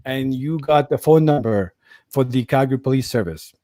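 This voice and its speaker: A man's voice: medium pitch, normal speed, mellow, dry recording, clean studio sound. A man interviewing a scam victim, recapping her story carefully to clarify it. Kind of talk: interview questioning.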